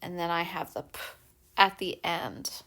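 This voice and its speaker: A woman teacher giving a recorded spelling lesson for young children, patiently and clearly sounding out letters. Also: on the low side, unhurried, bright, forceful tone. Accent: American.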